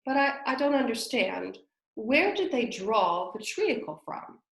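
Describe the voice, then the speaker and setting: A woman's voice: fairly high pitch, big pitch swings, a little slow, vocal fry, a bit bright, full character voice. A woman voicing a polite, curious young girl who is earnest and now and then offended, in a storybook reading. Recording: roomy echo.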